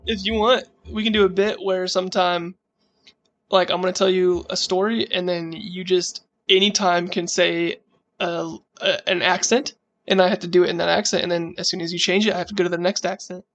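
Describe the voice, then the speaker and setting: A man's voice: high voice, flat delivery, a little fast, fairly bright tone, muffled recording. A man co-hosting a podcast, joking crudely and making mock announcements to the audience. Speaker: podcast co-host. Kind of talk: casual chat.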